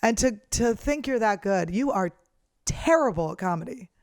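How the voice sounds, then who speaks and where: A woman's voice: mid-range voice, normal speed, no echo, studio quality. A woman comedian talking in a casual monologue, blunt and profane as she rants. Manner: blunt, profane, lively ranting. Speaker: professional comedian, podcast host.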